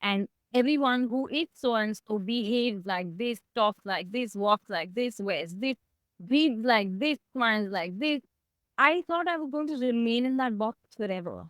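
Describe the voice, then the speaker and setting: A woman speaking in a candid, heartfelt way about her own past, reflective and emotional, her voice close to tears at times. She sits a little high for a woman. The sound is dry and close, with no room around it. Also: lively intonation, unhurried, no room sound. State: tearing up. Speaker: guest. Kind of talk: candid personal conversation.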